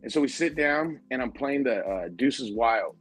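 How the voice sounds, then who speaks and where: A man's voice: medium pitch, normal speed, faint music behind, poor audio. A man hosting a casual podcast, telling a convention story with lots of swearing and laughter. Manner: profane, animated, laughing while telling stories. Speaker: podcast host.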